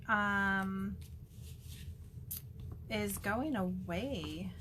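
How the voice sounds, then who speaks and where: A woman's voice: fairly low pitch, fairly bright tone, a little hiss or hum. A woman chatting through a casual card-making demo, gushing and full of ums. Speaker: stamping demonstrator.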